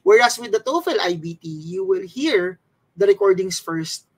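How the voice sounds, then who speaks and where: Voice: mid-range voice, lively intonation, normal speed, low-quality recording. A test-prep instructor from the Philippines, patiently explaining things step by step as a slide lesson.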